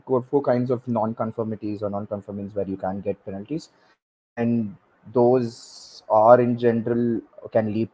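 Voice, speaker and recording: A man, speaking as a guest expert on a panel, halting and repeating words with many fillers. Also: fairly low pitch, warm tone, slight background noise, poor audio. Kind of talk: panel discussion.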